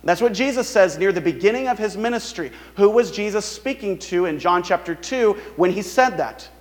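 A man's voice: animated, normal speed, big-room sound. A man preaching a sermon in an earnest, emphatic way. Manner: earnest, emphatic preaching, voices the mockers in a higher sneering tone. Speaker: pastor.

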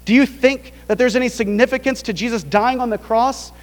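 A man's voice: very high voice, a little fast, long reverb tail. A male pastor preaching a sermon, pressing his point with rhetorical questions.

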